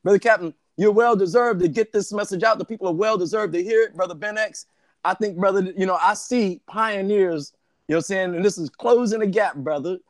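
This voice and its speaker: A man co-hosting a casual talk show, affirming the guest with quick interjections. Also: high-pitched, no echo. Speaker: co-host.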